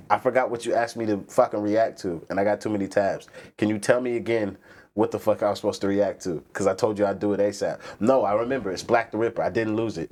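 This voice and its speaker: A man from the East Coast US with a fairly low voice hosts a relaxed live stream. He talks casually and profanely, riffing on topics and answering his chat as he goes. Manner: profane, animated, rants and reads chat aloud. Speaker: livestream host.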